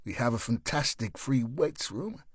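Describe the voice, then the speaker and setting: A man's voice: mid-range voice, lively intonation, unhurried, breathy edge, dry recording, clean studio sound. A male narrator voicing an irritable gym-owning husband who answers in a curt, growling way. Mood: defensive.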